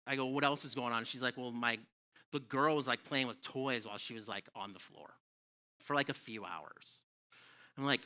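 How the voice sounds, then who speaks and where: Bright-voiced man telling stand-up stories. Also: mid-range voice. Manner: profane, animated, exasperated storytelling. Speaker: stand-up comedian. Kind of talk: stand-up comedy storytelling. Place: comedy club stage.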